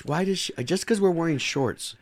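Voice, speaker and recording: Gravelly-voiced man co-hosting a podcast. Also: a little high, moderate pace. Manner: relaxed, promoting a community event, many fillers. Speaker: podcast co-host. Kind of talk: casual chat.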